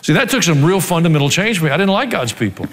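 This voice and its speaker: A male pastor delivering a sermon, moving between scripture reading and wry, joking asides. His voice sits a touch high for a man. It rings out with a long reverb, as in a large church sanctuary. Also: fast. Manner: animated preaching with dry joking asides.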